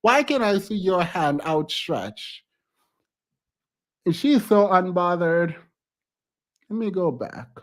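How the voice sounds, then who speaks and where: A woman's voice: on the low side, lively intonation, takes it slowly, pauses often. A woman reacting to a clip in casual commentary, outspoken and laughing often between remarks.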